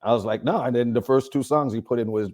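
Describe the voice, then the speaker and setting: A man from Canada, a rapper, guesting on a podcast in easygoing chat. His voice is mellow and sits at a middle pitch for a man. He rambles a little as he talks. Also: quick pace. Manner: laid-back, rambling, laughs often. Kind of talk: casual chat.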